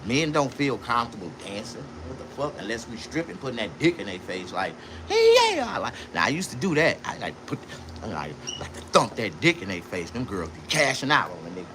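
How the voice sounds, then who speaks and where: A man talking on a live stream from inside his own shop in a casual, boastful, profane, rambling way, jumping between loud bursts and low mutters. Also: sing-song, a little fast, background noise. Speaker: livestreamer and shop owner.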